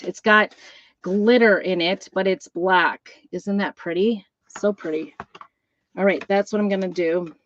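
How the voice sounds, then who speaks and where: Her pitch fairly low, a middle-aged craft seller runs a live demonstration, telling rambling stories as her hands stay busy. The audio is dull, carrying a little hiss or hum.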